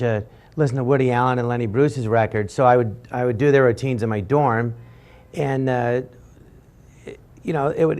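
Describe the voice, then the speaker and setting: A man with a gravelly, fry-laden voice tells a comic story as a game-show guest. He rambles, halts and restarts, and his pitch sits in a middling range. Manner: rambling, halting anecdote with frequent restarts. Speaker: guest comedian.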